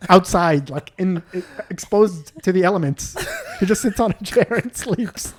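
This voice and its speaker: Young male podcast co-host, slightly high voice, animated storyteller who acts out quotes. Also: moderate pace, slight background noise. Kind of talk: casual storytelling chat.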